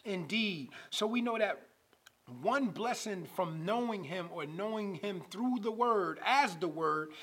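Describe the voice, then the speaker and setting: A man preaching a sermon, building to loud emphatic passages and slowing to draw out scripture. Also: high voice, expressive, husky.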